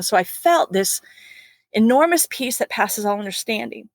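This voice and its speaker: A woman's voice: on the high side, animated, moderate pace, no room sound. A middle-aged woman, a flight nurse, earnestly recounting a personal ordeal in an interview, with laughs and restarts.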